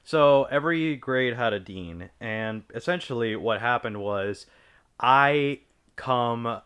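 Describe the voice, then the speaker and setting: Bright-voiced young man telling a story. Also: mid-range voice, slow pace, smooth. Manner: rambling, profane anecdote-telling. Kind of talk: casual chat.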